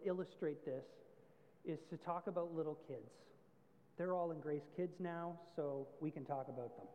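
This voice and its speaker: A male pastor preaching in a relaxed, story-telling way, his voice sitting high for a man. The sound is dull and muffled, with a long church-hall reverb trailing each phrase. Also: slight background noise. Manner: conversational, explains with everyday stories. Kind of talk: sermon.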